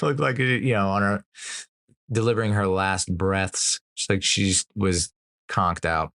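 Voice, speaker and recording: A man's voice: lowish voice, fairly bright tone, no room sound, clean studio sound. A man in his thirties hosting a podcast, telling stories in a rambling, profane way with frequent laughs. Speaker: podcast host. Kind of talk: casual storytelling chat.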